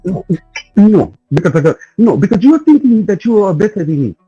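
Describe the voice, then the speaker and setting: A man's voice: high voice, big pitch swings, slightly rough, highs cut off, soft background music, pitched above the performer's own voice, full character voice. A man doing a scolding Nigerian-accented wife. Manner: scolding, loud, rapid complaining. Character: angry scolding Nigerian wife, young adult woman.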